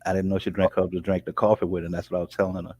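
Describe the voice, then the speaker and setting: Laid-back, low-voiced man in casual chat. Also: little pitch movement, racing, a little mellow, no echo, muffled recording. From New Orleans area.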